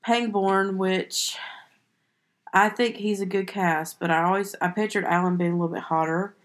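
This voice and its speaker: A woman's voice: mid-range voice, steady tone, normal speed. A woman hosting a casual movie podcast, chatty and rambling, often restarting her sentences. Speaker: podcast host.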